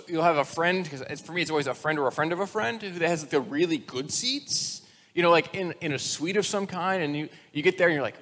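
A man's voice: a little high, fast, fairly bright tone, in a large hall, a little hiss or hum. A man preaching a sermon in a casual, conversational way, acting out the voices he quotes and dropping almost to a whisper to stress a point. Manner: conversational, acts out quoted voices, drops to near-whisper for emphasis. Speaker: pastor.

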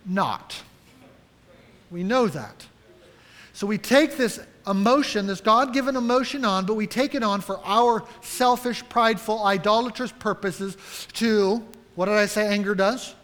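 A man with a high voice preaches in a church sanctuary, and his words ring out with a long hall reverb. He talks earnestly and directly, putting question after question to his congregation. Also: fairly bright tone. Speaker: pastor. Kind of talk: sermon.

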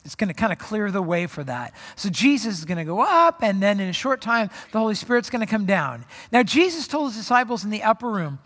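A man's voice: high-pitched, big pitch swings, a little fast, few pauses, a bit bright. Conversational male pastor in a reverberant hall. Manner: conversational, acts out quoted voices. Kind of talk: sermon.

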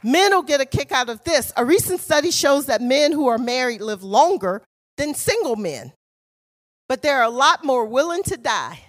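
A middle-aged woman preaching in a church with a very high voice. She tells stories and often rises into passionate shouting. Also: very animated, normal speed. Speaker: guest preacher. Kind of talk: sermon. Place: church sanctuary.

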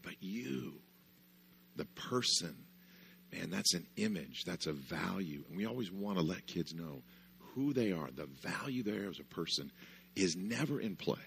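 A man's voice: low voice, expressive, moderate pace, vocal fry, a bit bright, slight background noise. A man giving a conversational parenting talk at a church conference, often checking in with "right?". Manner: conversational, lots of "right?" asides. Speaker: conference speaker.

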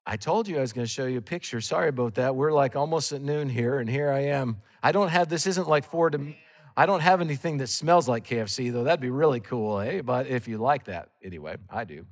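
A man with a Canadian accent preaching a sermon as guest speaker, telling a story with lively swings between loud and hushed. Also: mid-range voice, fairly quick, in a large hall.

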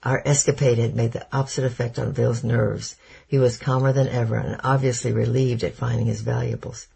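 A man narrating a chapter of an audiobook in a steady, measured storytelling manner. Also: medium pitch, creaky, slightly rough. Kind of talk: scripted narration.

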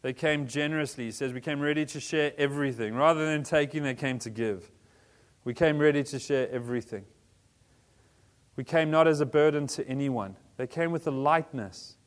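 A man in his forties preaching a sermon as a pastor, animated, joking with the congregation and swinging between soft and loud. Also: on the high side, moderate pace. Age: 40s. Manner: animated, varies loudness, jokes with congregation.

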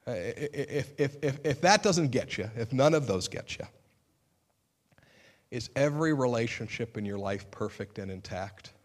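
A middle-aged male pastor with a medium-pitched, animated voice delivers an earnest sermon at normal speed. He breaks into sudden emphatic outbursts and pokes fun at himself with wry humor.

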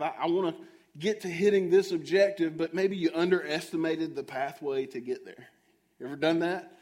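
A man's voice: fairly high pitch, a little mellow. A man preaching a sermon, telling a self-mocking story and asking the audience questions directly.

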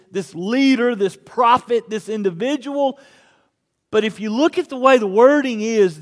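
A man's voice: sits high, long reverb tail. A man preaching a sermon as pastor, building to pleading emphasis as he reads the text.

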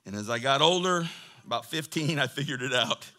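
A man's voice: medium pitch, lively intonation, normal speed, pushed and bright. A man preaching a sermon to his church in a conversational, joking way, reading scripture between asides. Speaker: pastor.

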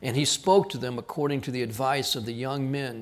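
A man from South Texas, preaching a sermon as a pastor, with an earnest delivery that drops to quiet emphasis on key words. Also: medium pitch, fairly even intonation, a little fast, hardly any pauses.

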